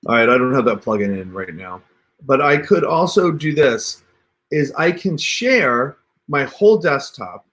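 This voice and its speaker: Guiding viewers through on-screen steps, this tutorial host chats casually over a computer mic. His voice is medium in pitch and a bit bright, and he refers to his audience as "you guys."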